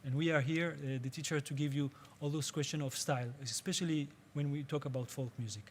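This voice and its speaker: Male workshop teacher, slightly raised pitch, patient and halting, searching for English words. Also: steady tone, slight background noise. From Israel. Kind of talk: spoken workshop lecture.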